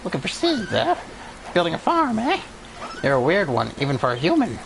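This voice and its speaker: A squeaky, taunting rat thug from a video game. The voice leaps all over the place with a gritty rasp underneath and drawn-out squeaks. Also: male voice, huge pitch swings, background noise, heavily acted. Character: cheeky squeaky male rat gang leader.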